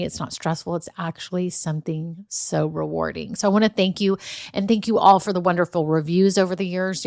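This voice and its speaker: A middle-aged woman with a lilt hosts her solo podcast, upbeat and chatty, speaking right to her listeners. Her voice sits at an ordinary middle pitch. The recording is dry and close, with almost no room sound. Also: no room sound. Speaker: podcast host. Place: home room upstairs.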